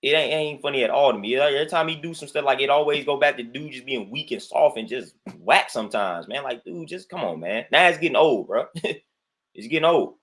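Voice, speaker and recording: A man's voice: mid-range voice, lively intonation, brisk, fairly bright tone. A man hosting his own livestream, ranting emphatically and repetitively, saying "man" constantly and greeting viewers between points. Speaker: livestream host. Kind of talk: livestream rant.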